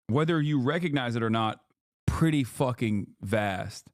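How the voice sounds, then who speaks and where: A man's voice: medium pitch, a little slow, no room sound. Man, livestream host, rambling profane commentary, dry close sound. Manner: rambling, profane, lecturing chat. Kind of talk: casual streaming commentary.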